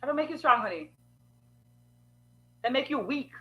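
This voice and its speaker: A woman's voice: sits high, expressive, normal speed, muffled recording. A woman giving frank, sassy advice in a preachy monologue full of rhetorical questions.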